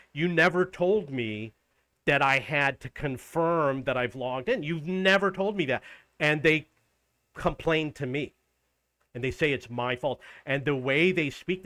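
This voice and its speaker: A man's voice: on the high side, fairly bright tone, no room sound. A man in his fifties ranting indignantly about his day in a casual vlog, quoting people in an exasperated raised voice. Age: 50s. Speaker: vlogger.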